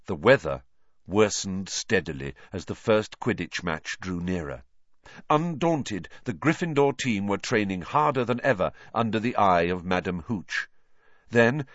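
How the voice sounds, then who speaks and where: A man narrating an audiobook in a lively, expressive storytelling manner. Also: on the low side, no echo. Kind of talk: scripted narration. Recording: dull lo-fi dry recording.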